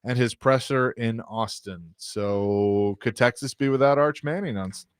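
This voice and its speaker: A man's voice: mid-range voice, a little slow, clean tone, no room sound, studio quality. A man hosting a sports radio show, chatting casually, laughing easily and reading out news notes and draft-pick details.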